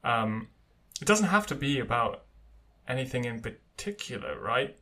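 Bright-voiced chatty man. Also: medium pitch, sing-song, measured pace. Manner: chatty, hesitant with many fillers. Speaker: podcast co-host. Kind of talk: casual chat.

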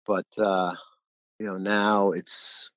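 Low-voiced middle-aged man telling stories. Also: flat delivery, slow, fairly bright tone, no room sound. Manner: rambling anecdotes, laughs often, acts out quotes. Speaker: guest, former college basketball player. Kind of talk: casual storytelling. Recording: dull lo-fi, dry.

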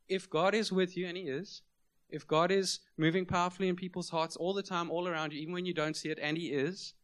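A man's voice: high voice, a bit bright. A middle-aged man preaching a sermon in a conversational, self-deprecating storytelling manner. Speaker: pastor.

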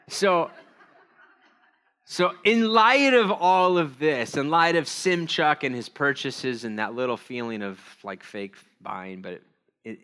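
A male pastor preaching in a loose, conversational way, drifting into asides and poking fun at himself. His voice is bright and forceful, at a middle pitch. He leans on fillers and restarts as he talks. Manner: rambling, self-deprecating, many fillers. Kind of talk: casual sermon.

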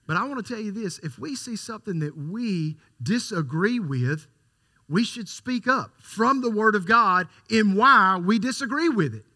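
A man preaching a sermon, emphatic, repeating key lines for stress and swinging from quiet to loud. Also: high voice, animated, moderate pace.

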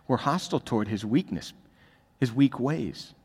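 A man preaching a sermon as pastor, swinging between quiet asides and loud emphatic peaks in a large church hall. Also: mid-range voice, animated, moderate pace, slightly rough. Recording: long reverb of a large hall.

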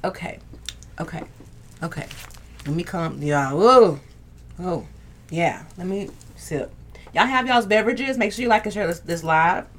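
A woman's voice: mid-range voice, slight background noise. A young woman hosting a casual livestream, bantering with viewers, reading their comments aloud and laughing often. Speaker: livestream host. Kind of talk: casual live chat.

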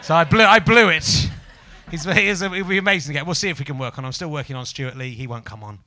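A male comedy podcast host speaks with a high, brilliantly bright voice captured close and dry. He rants with sarcastic mock outrage to a live audience. The tone stays quick-witted and playful. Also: dry recording. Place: live show venue before an audience.

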